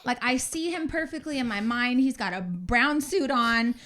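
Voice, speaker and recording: A woman in her forties, a podcast co-host, telling a story in casual chat, animated and acting out her own outbursts with swearing. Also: on the high side, moderate pace. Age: 40s.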